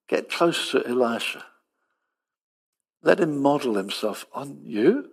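A man preaching a sermon, acting out dialogue with lively storytelling and dropping to soft, quiet tones. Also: a little high, gravelly, breathy edge.

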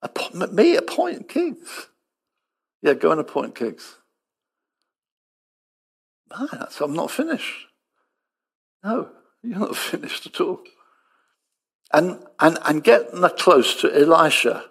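A man preaching a sermon, acting out dialogue with lively storytelling and dropping to soft, quiet tones. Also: a little high, slow pace, vocal fry, pauses often, husky.

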